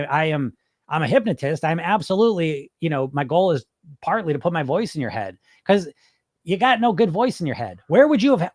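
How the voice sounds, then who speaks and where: A man's voice: high-pitched, no echo, studio quality. Blunt, profane man hosting a live stream. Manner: blunt, profane and emphatic, firing rhetorical questions. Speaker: podcast host and hypnotist. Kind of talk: casual live-stream talk answering chat comments.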